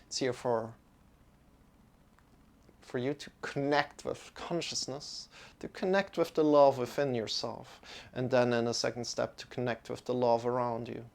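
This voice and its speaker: Male yoga instructor, gently spoken, a bit gravelly and very slow. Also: mid-range voice. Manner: slow, calm instruction with many pauses. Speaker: yoga teacher. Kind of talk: guided yoga and mantra lesson.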